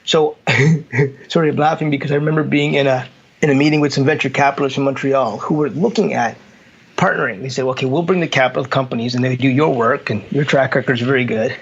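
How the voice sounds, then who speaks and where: A man's voice: mid-range voice, steady tone, fast talker, vocal fry, slightly rough, highs cut off. A man, a consultant, talking casually and telling stories with acted quotes and frequent restarts. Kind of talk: casual conversation.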